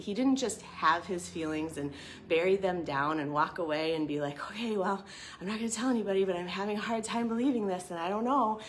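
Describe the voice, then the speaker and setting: A woman's voice: on the low side, a little hiss or hum. A woman in her thirties giving an earnest, conversational church devotional talk, reading scripture and speaking casually.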